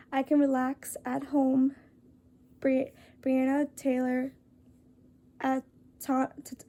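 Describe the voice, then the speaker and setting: Young woman, earnest vlog talk; high, mellow, gravelly tone, halting and apologetic. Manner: apologetic, halting, many fillers and restarts; reads a list aloud. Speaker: vlogger. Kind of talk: earnest casual talk to camera.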